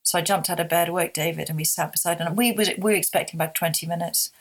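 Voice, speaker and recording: A woman author, speaking softly and haltingly as a guest in an emotional interview conversation. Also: fairly low pitch, steady tone. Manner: soft-spoken, halting with many restarts.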